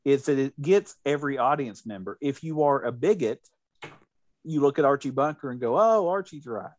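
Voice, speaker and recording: A man co-hosting a casual podcast chat, talking in an animated way with many restarts. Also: mid-range voice, normal speed, dry recording. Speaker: podcast co-host.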